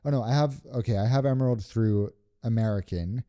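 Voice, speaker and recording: Chatty New York man, dark voice. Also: mid-range voice, brisk. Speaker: podcast co-host. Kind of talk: casual chat. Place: room in Doha, recorded together in person.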